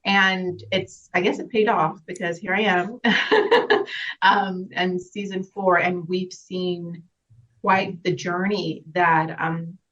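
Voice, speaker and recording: A woman's voice: on the low side, steady tone, takes it slowly, a bit bright. A woman being interviewed as a guest actress, speaking earnestly and reflectively and laughing often in casual chat. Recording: slightly dull, lo-fi sound.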